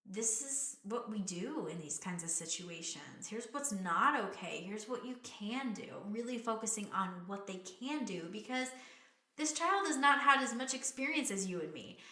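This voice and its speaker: Young woman, parenting coach, earnest and gentle, bright voice, echoey room. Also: mid-range voice, expressive, normal speed. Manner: earnest, gentle, talks straight to the viewer. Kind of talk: direct-to-camera parenting advice.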